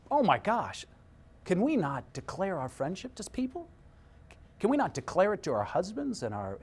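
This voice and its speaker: A middle-aged man giving a motivational talk, telling stories with big swings in pitch and loudness. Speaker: speaker. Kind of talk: motivational speech.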